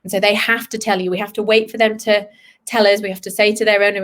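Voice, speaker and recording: A woman, a vet, giving a chatty, animated live online lesson for children over a video call. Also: mid-range voice, quick pace. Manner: animated, chatty, acts out dog voices. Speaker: vet teaching kids.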